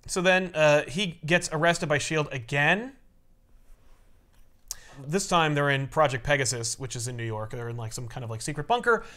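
Man, comic recap, lively voice, slightly high, casual chat. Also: moderate pace. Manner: animated, acts out characters.

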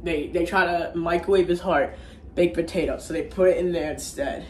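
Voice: mid-range voice, normal speed, reverberant, slight background noise. A vlogger giving a rambling, casual movie recap, often second-guessing the plot order and using slang. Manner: rambling, unsure of itself, slangy.

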